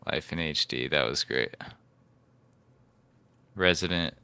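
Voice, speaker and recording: A man's voice: very deep voice, takes it slowly, creaky, sharp tone, smooth, no echo. A man moderating a live-streamed debate, reading out donations and joking with the guests in a teasing, casual way.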